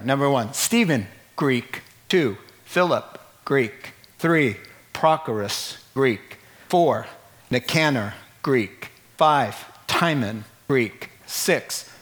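A man preaching a sermon as a pastor, animated and jokey, jumping up into high exclamations. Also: takes it slowly.

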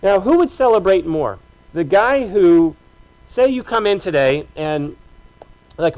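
High-voiced man preaching a sermon. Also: animated, measured pace, a little mellow, low-quality recording. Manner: conversational, emphatic preaching with repeated phrases. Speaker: pastor.

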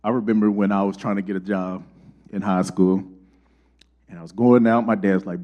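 A middle-aged man preaching a sermon, telling folksy personal stories and getting animated when he acts out dialogue. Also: low voice, moderate pace, muffled recording. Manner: folksy storytelling, rising animated for quoted dialogue.

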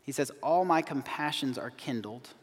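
A man's voice: medium pitch, normal speed, breathy edge, long reverb tail. A man preaching a sermon, earnest and emphatic, quoting scripture with rising emphasis. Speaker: pastor.

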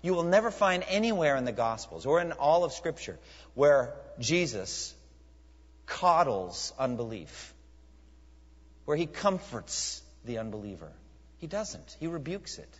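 A man preaching a sermon as pastor, emphatic, with rhetorical questions and dramatic pauses. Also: mid-range voice, very animated. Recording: muffled recording in a reverberant hall.

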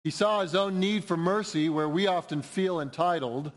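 A man's voice: high voice, normal speed. A man preaching a sermon in an earnest, emphatic way, building to rising appeals. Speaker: pastor.

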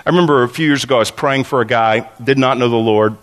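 A man preaching a sermon, telling stories with animated, stammering delivery and acting out the voices in his anecdotes. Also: mid-range voice, fast talker. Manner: stammers and restarts often. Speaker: pastor.

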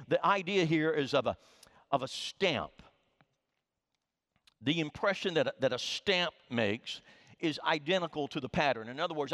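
A man preaching a sermon as pastor, lively and earnest, often repeating words and dropping to a hush for emphasis. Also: a little high. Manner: animated preaching, repeats words, drops to hushed tones. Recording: long hall reverb.

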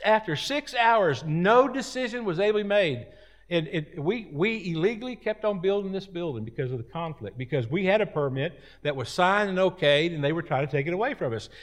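A man preaching a sermon as pastor, folksy and rambling, with repeated words and chatty asides. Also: a little high.

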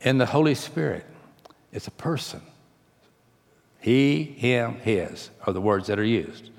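A man preaching a sermon, swinging between emphatic bursts and slow, drawn-out phrases. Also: medium pitch, animated, creaky, big-room sound. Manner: rising to emphatic, rapid bursts then slowing to quiet, drawn-out phrases.

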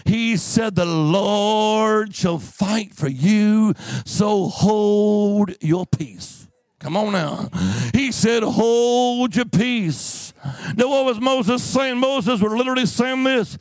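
Man, sermon, slow drawn-out preaching, call-and-response, bursts of song, very high voice. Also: dry recording. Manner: breaks into snatches of song.

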